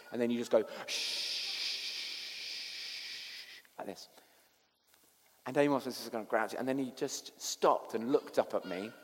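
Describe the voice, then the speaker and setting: A man preaching a sermon as pastor, telling a story that swings between hushed and animated. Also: fairly low pitch, big-room sound.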